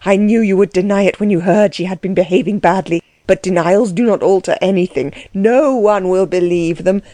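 A woman voicing an agitated, jealous young man close to tears, with shrill, raving outbursts. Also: normal speed, warm tone, no room sound, close to an everyday voice. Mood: spiteful. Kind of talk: audiobook character voice.

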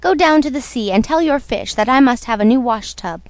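A woman's voice: a little high, lively intonation, brisk, no echo, lightly acted. A woman voicing a greedy, scolding old peasant wife in a storybook reading, with a scornful, haughty manner.

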